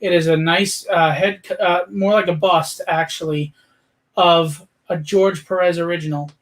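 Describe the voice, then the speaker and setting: A man hosting an online charity art auction, talking in an energetic, persuasive way with frequent fillers. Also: a little high, moderate pace. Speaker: auction host. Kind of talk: charity livestream pitch.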